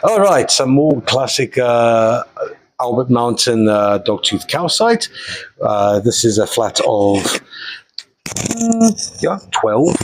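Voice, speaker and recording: A man's voice: medium pitch, low-quality recording. A man hosting a live mineral and fossil sale, talking casually and enthusiastically, with jokey asides. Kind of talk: casual live sales presentation.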